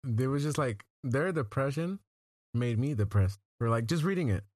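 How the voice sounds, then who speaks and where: A man's voice: medium pitch, animated, moderate pace, a little mellow, no room sound, clean studio sound. A young man guesting on a podcast in casual chat, joking and giving short agreeing replies.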